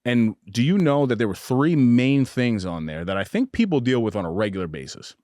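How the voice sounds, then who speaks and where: A man's voice: mid-range voice, sing-song, fairly quick, dry recording. Upbeat man hosting a podcast, dry sound. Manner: upbeat, hyped shout-outs, frequent fillers and restarts. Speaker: podcast host. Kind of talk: casual podcast chat. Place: podcast booth.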